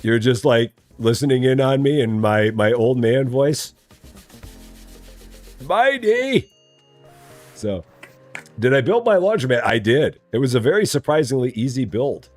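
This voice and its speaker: A man streaming a game live, chatting casually and often muttering quietly to himself as he works. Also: medium pitch, normal speed, soft background music. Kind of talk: casual live gameplay commentary.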